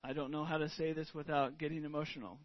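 A middle-aged man preaching a sermon as pastor, earnest and deliberate, stretching out words for emphasis. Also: on the high side, little pitch movement, dry recording, dull audio.

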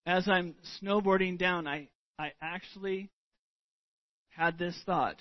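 A middle-aged male pastor delivers a sermon in a high-pitched voice at an unhurried pace. He speaks earnestly and deliberately, stretching words for weight. The recording is dry and a little dull. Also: dry recording. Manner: earnest, deliberate, drawn-out emphasis.

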